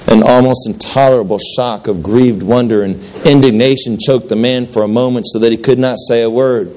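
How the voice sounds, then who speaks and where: A man reading a story aloud as a preacher, steady and unhurried, with occasional slips and restarts. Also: medium pitch, poor audio. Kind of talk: storytelling narration.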